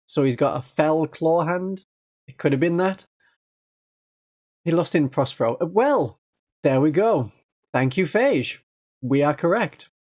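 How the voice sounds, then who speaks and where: A streamer from northeast England with a Northeast English accent, chatting casually on a livestream in a gentle voice and laughing often. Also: mid-range voice.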